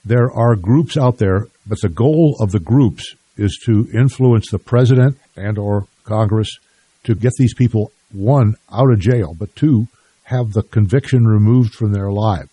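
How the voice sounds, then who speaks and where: Older man, dark husky radio host. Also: lowish voice, unhurried, dry recording. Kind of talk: radio talk show interview.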